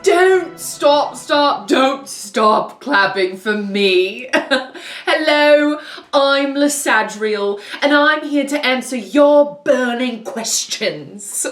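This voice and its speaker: A woman's voice: high voice, lively intonation, very slow, a bit bright, soft background music, full character voice. A woman playing a vain, showy fantasy queen with a put-on posh accent and a condescending, theatrical manner. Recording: echoey room.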